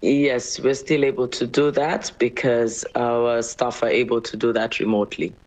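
A woman's voice: rumbling low, flat delivery, moderate pace, a little mellow, low-quality recording. A woman, a media managing director, answering interview questions hesitantly with many fillers and short replies.

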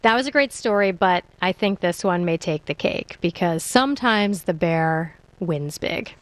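A woman's voice: on the low side, animated, unhurried, no echo. A woman hosting a radio science show, reading scripted links between callers.

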